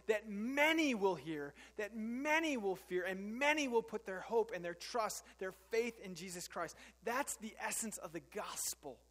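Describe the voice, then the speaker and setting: A male pastor preaches a sermon, earnest and conversational, with frequent fillers and restarts. His voice sits high and a bit bright, trailed by a long reverb tail.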